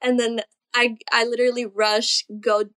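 A woman's voice: on the high side, flat delivery, normal speed, sharp tone. A young woman, a pro wrestler, tells stories in an interview with a giggly manner, sprinkling her speech with "like". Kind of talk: casual interview storytelling.

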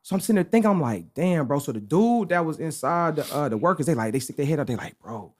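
A young adult man co-hosts a podcast, telling an animated story in slangy, casual chat and saying "bro" a lot. His voice is fairly high and his pace quick.

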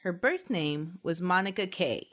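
A woman's voice: fairly low pitch, lively intonation, a little slow, fairly bright tone. Woman host, casual true crime podcast, giggly, chatty storytelling. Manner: giggly, chatty, recounts case details.

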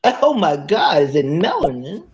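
Lively, teasing man hosting tarot readings. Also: on the high side, measured pace, slightly rough, muffled recording. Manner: playful, animated, teasing, with sudden soft asides. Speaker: host giving tarot readings. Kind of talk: casual live chat-room talk.

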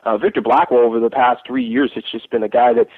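A man's voice: medium pitch, fairly even intonation, quick pace, no echo. A man chatting about football recruiting on a podcast, rambling, with plenty of restarts. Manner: rambling, with many fillers and restarts. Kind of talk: casual podcast chat. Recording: tinny phone line.

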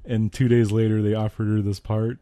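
A man's voice: fairly low pitch, little pitch movement, brisk, warm tone, clean tone, no room sound. A man co-hosting a casual podcast, telling a story in a rambling way with lots of fillers. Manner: rambling, many fillers and restarts. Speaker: podcast co-host.

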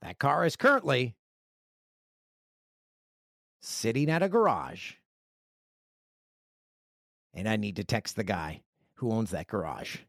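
A man's voice: lowish voice, slow pace, long pauses, dry recording, clean studio sound. A middle-aged man hosting a casual podcast, reading listener mail aloud and telling self-deprecating, joking stories. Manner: joking, animated storytelling with self-deprecating asides. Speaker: podcast host.

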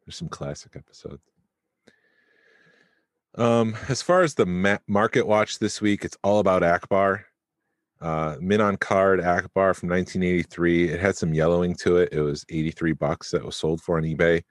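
A man's voice: deep voice, moderate pace, no room sound, studio quality. A man co-hosting a podcast, chatting casually and thinking aloud with fillers. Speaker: podcast co-host.

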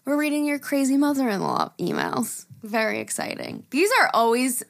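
Woman cohost reading listener emails, laughs a lot, swears casually, slightly high voice. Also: lively intonation, moderate pace, creaky. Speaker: podcast co-host.

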